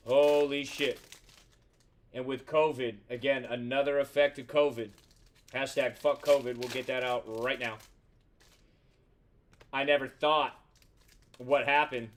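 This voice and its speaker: A man's voice: medium pitch, fairly bright tone, a little hiss or hum. A man hosting a live trading card box break, chatting casually with viewers, swearing freely and rattling off player names and teams as he opens packs. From Central Florida.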